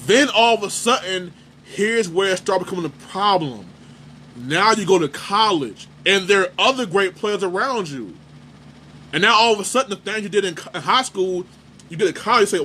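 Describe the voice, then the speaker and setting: Man, sports talk host, heated rant, emphatic and repetitive, high-pitched voice, faint background noise. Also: lively intonation, normal speed, pushed and bright.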